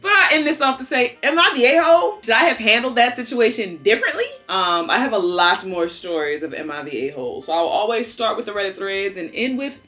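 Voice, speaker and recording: Young woman telling a storytime, super lively swooping voice, cusses a lot. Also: on the high side, a little fast, hardly any pauses, soft background music. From Baltimore. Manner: animated, dramatic storytelling with swearing. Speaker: storytime vlogger. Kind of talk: casual storytime.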